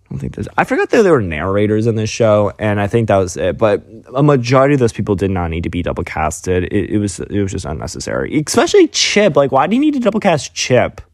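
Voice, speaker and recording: A man's voice: fairly low pitch, vocal fry, a little mellow, no echo, studio quality. A young man telling a casual storytime, exasperated and sarcastic as he rants. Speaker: vlogger.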